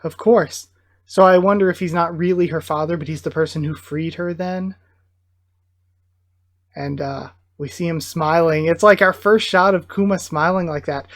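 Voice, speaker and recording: A channel host reacting live to a comic chapter, reading parts aloud with excited outbursts. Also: mid-range voice. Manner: excitable, bursts of enthusiasm between plain read-aloud passages.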